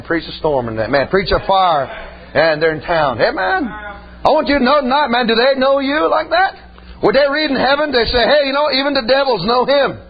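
A man's voice: high-pitched, slightly rough, dull audio. A male pastor preaching a storytelling sermon in a church, folksy and punctuating with amen. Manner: folksy, exclaims amen often, laughs at own stories.

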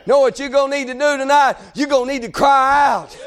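A male preacher with a strikingly high voice gives a fervent revival sermon before a church congregation, speaking briskly with fairly even intonation. He often climbs to a shout and keeps dropping in "amen" and "hey."

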